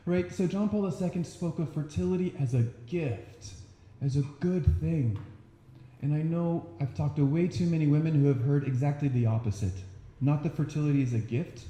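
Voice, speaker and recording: Warm-voiced man giving an earnest talk. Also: on the high side, fairly quick, echoey room. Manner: earnest, animated, acts out quotes. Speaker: speaker. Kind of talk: faith talk to an audience.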